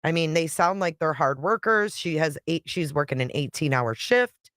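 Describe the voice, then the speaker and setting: A woman's voice: sits low, expressive, normal speed, fairly bright tone, no room sound, studio quality. A woman YouTube creator talking casually on a live stream, chatty and blunt, reading viewer comments and swearing now and then.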